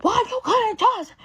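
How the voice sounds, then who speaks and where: A woman voicing her angry middle-aged mother, who yells and scolds in exasperation. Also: very high-pitched, muffled recording, voice pushed up, full character voice. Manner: yelling, exasperated, mocking.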